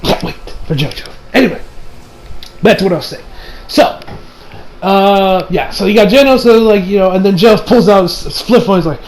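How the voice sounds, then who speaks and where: Rambling young man with a high voice. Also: lively intonation, moderate pace, pauses often, darkish tone, slight background noise, rough recording. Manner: rambling, filler-heavy, laughs often. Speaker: anime reviewer. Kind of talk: casual episode recap.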